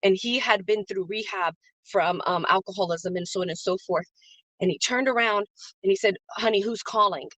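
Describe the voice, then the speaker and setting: A faith-based business coach hosts a live stream, her medium-pitched, fairly bright voice moving at a moderate pace with no room sound. She gives an earnest, emotional motivational talk, greeting viewers by name and repeating phrases for emphasis.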